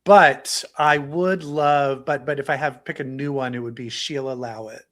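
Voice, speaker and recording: A man's voice: medium pitch, steady tone, moderate pace, fairly bright tone. A man co-hosting a casual podcast, teasing and joking with his partner. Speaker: podcast co-host.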